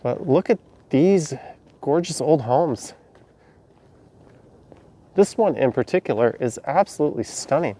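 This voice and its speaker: A man's voice: a little high, expressive, measured pace, pauses often, warm tone. A man, walking city alleys at night on a live stream, chatting and answering viewers' questions as he goes. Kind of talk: casual live-stream narration reading chat.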